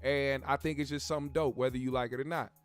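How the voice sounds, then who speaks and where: A man's voice: medium pitch, fairly even intonation, quick pace, no echo, soft background music. A young man hosting a casual pop-culture commentary show, talking in a profane, rambling way with frequent restarts. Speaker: host.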